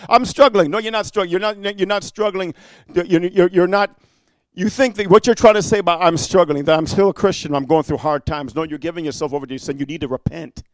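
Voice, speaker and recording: A middle-aged man preaching a fiery sermon, dropping quiet for his stories, then rising to loud exhortation with frequent "amen" and "huh?". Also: high voice, fast, dry recording.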